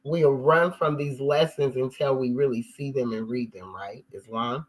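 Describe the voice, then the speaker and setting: A man hosting a casual religious discussion on a live stream, animated and exclaiming when excited. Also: medium pitch, normal speed, low-quality recording.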